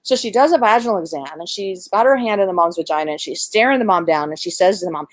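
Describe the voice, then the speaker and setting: A woman who works as a doula and midwife tells a birth story in an animated, conversational way. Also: mid-range voice, fast talker, hardly any pauses, no room sound. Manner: animated, conversational, many fillers.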